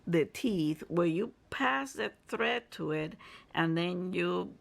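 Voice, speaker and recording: A craft vlogger talks viewers through a review at an unhurried, slow pace, with a gravelly, creaky edge to the voice. The delivery is chatty and explanatory, with phrases often restarted mid-sentence. Materials are held up to the camera while the speaker explains. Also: medium pitch, animated. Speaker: crafter and channel host. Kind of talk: casual craft review and tutorial talk.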